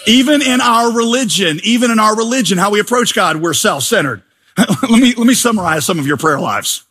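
Bright-toned male preacher, high voice, playful sermon delivery with acted-out voices. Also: a little fast, slightly rough. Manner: animated, joking, acts out voices. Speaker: pastor.

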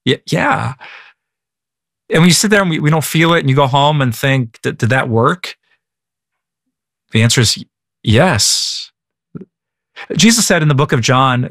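Male pastor, higher-pitched voice, casual and halting with lots of restarts, dry close recording. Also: fairly bright tone, no room sound. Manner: casual, many stammered restarts and repeated words. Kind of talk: prayer and answering a listener question.

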